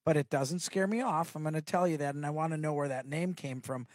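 A man's voice: a little high, fairly quick, a little mellow, no echo, clean studio sound. A man hosting a radio talk show, joking around with his guests. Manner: playful, jokey. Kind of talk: casual chat.

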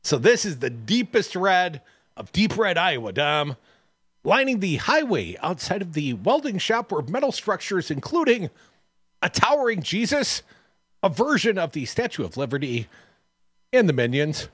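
A man's voice: sits high, big pitch swings, normal speed, a bit bright, husky, no echo. A man hosting a radio show, reading news stories and cutting in with sarcastic asides. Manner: sarcastic, wisecracking. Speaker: radio host.

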